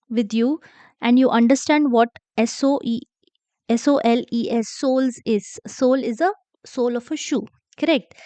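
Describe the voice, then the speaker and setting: Woman teacher, fairly high voice, slow and patient, repeats key words, dry close sound. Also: mellow, dry recording. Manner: explains slowly, repeats key words, checks understanding with "okay?". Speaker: English literature teacher. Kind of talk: classroom explanation for exam revision.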